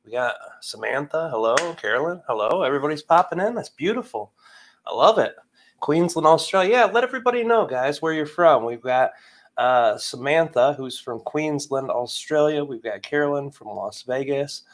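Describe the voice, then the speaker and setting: A man's voice: fairly high pitch, expressive, moderate pace. A man in his thirties from Michigan hosting a casual live stream, chatting and greeting viewers by name in an upbeat way.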